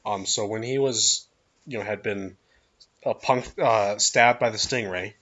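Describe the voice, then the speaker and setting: A man's voice: fairly low pitch, measured pace. Casual rambling podcast guy, muffled. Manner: relaxed, rambling storytelling with many restarts. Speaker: podcast co-host. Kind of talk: casual chat.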